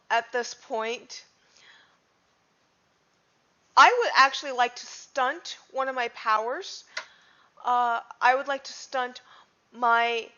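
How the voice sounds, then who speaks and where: A woman's voice: a little high, pushed and bright. A woman playing a tabletop game, chatty and often correcting herself. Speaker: player. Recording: dull lo-fi audio.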